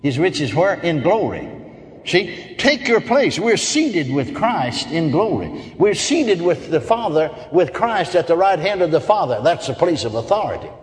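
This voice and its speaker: High-voiced chuckling preacher in an echoing hall. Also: male voice, sing-song, a little slow, slight background noise. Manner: folksy, chuckling storyteller who asks the crowd for amens. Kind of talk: sermon with personal stories. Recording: long hall reverb.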